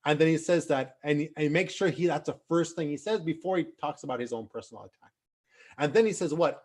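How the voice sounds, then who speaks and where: A man teaching an online youth class over a video call, lively and asking his students questions as he acts out quotes. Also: a little high, quick pace. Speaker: Islamic teacher.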